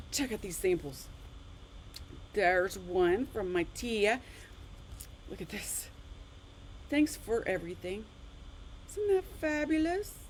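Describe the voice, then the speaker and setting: A woman's voice: medium pitch, darkish tone, slight background noise, rough recording. A woman teaching a live online card-making class in a chatty, exclamatory way.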